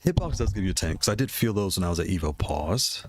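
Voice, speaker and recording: A man's voice: deep voice, very animated, fast talker, dry recording. A man casually talking through gaming controller prices, rambling and repeating himself with frequent laughs. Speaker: gaming hardware streamer. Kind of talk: casual product commentary.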